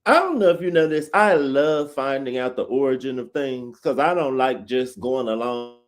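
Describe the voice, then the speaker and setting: A man's voice: medium pitch, expressive, moderate pace. A man co-hosting a podcast, giving blunt opinions in casual chat and mimicking others with mocking quotes. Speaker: podcast co-host.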